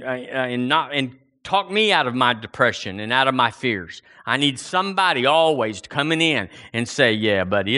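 A man preaching a sermon in an animated way, his voice rising and falling as he quotes scripture and questions the congregation. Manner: animated preaching, swinging pitch and volume.

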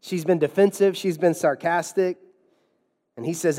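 A man's voice: a little high, fairly even intonation, moderate pace, dark tone, big-room sound. A man preaching a sermon as a pastor in a church, emphatic, with sudden drops and swells in his delivery.

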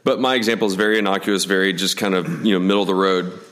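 A man hosting a podcast, asking relaxed, drawn-out questions. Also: low-pitched. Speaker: podcast host. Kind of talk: interview questions, casual.

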